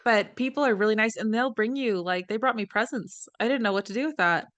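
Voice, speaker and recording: A woman's voice: on the high side, fast talker, a bit bright, no room sound. A woman co-hosting a podcast, telling stories in casual chat, acting out the people she quotes and swearing now and then. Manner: chatty storyteller, acts out quoted voices, swears casually. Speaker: podcast co-host.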